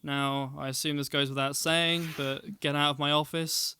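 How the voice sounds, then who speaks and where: A man's voice: fairly high pitch, flat delivery, normal speed, sharp tone, a little hiss or hum. Man playing a fussy, flustered gnome clerk. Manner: prim, exasperated, bureaucratic.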